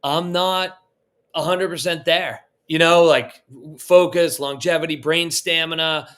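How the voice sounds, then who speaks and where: A man's voice: fairly high pitch, fairly even intonation, measured pace, a bit bright, clear, resonant tone. A man, a restaurant founder on a live panel, speaking in a conversational, reflective way.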